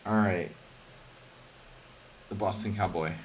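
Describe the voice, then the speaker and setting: A man's voice: sits low, steady tone, takes it slowly, a little hiss or hum. A man casually commenting on his chess games during a live stream, joking with chat and thinking aloud over moves.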